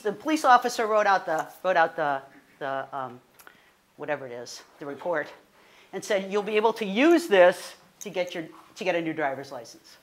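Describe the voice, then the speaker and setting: A woman, a guest speaker telling a personal story in an animated, conversational way, full of fillers and self-corrections. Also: fairly low pitch. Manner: animated, rising to indignant.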